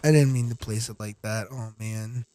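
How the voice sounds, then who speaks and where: A man's voice: fairly low pitch, fairly even intonation, normal speed, mellow, a little hiss or hum. A man giving casual gameplay commentary, rambling, giggly and self-deprecating. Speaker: gaming channel host.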